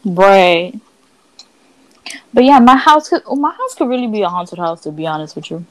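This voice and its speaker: A woman's voice: mid-range voice, moderate pace, no echo, low-quality recording. A young woman co-hosting a podcast, telling ghost stories in a brash, profane, casual way and acting out what people said. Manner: brash and profane, animated quoting voices. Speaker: podcast co-host. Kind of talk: casual storytelling chat.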